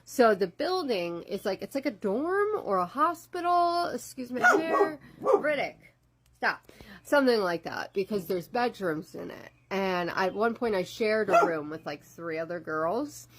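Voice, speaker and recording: A woman's voice: mid-range voice, sing-song, moderate pace, few pauses, very noisy. A woman casually describing recurring dreams in a rambling way, with many fillers. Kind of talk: casual storytime.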